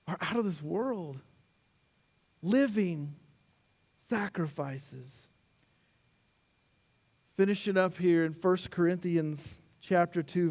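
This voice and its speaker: A man pastor delivers a sermon in a high, light voice at an unhurried pace. He tells stories with animation, jumping up when he voices quotes, then sinks low and slow to land his main points. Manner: animated storytelling, acting out quotes with rising pitch; slows down and drops low on key words.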